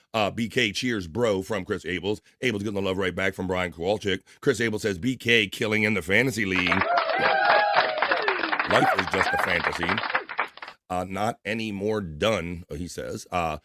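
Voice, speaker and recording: A man hosting a live stream, casually reading viewer comments aloud and giving shout-outs while talking through his allergies. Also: low voice, very noisy. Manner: casual, rambling, reads chat names aloud with shout-outs. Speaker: livestream show host.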